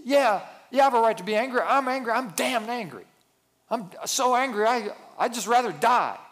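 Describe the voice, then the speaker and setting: A man voicing an angry, fed-up male prophet who shouts in exasperation. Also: very high-pitched, lively intonation, moderate pace, pitched above the performer's own voice, exaggerated voice. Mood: furious.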